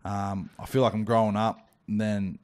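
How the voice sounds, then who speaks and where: Flat-toned Australian man telling a story. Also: lowish voice, normal speed. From Australia (Wollongong). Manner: laid-back and blunt, swears freely, slangy. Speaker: podcast guest, rugby league player. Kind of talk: casual storytelling.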